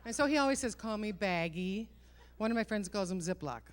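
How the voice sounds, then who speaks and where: A middle-aged woman performing a stand-up comedy set on stage, with punchy self-mocking delivery and quick rhetorical asides to the crowd. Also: medium pitch, big pitch swings.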